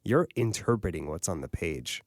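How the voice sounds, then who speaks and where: A man's voice: deep voice, lively intonation, normal speed, no room sound, clean studio sound. A man co-hosting a podcast discussion about audiobooks, chatty and self-deprecating. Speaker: podcast co-host. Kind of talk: casual panel discussion.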